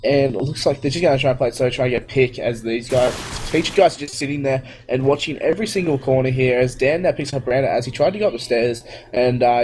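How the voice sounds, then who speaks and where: A man calls a competitive shooter match at a mid pitch in a brisk, light-hearted way, amused by the players' blunders. He talks into a headset, and faint game gunfire stays in the background. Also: darkish tone, slight background noise, poor audio. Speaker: esports shoutcaster. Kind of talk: live play-by-play commentary.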